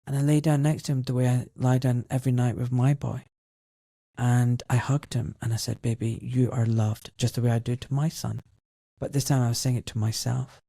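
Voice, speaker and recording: A middle-aged man with a gravelly, mellow voice talks on a podcast, recorded close and dry. He tells his story in an emotional, reflective way. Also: medium pitch, no echo. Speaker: podcast host. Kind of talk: conversational interview.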